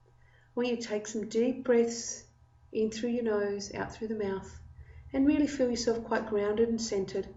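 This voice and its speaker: A woman from Australia gently leading a guided tapping meditation, slow and repetitive, recorded in an echoey room with dull lo-fi sound. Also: a little high. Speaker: tapping practitioner.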